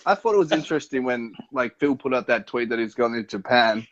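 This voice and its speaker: A man's voice: medium pitch, fairly quick, a little hiss or hum. An Australian man co-hosting a gaming podcast, talking in an eager, chatty way as a keen fan. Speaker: podcast co-host. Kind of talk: casual gaming chat. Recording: slightly dull lo-fi podcast audio.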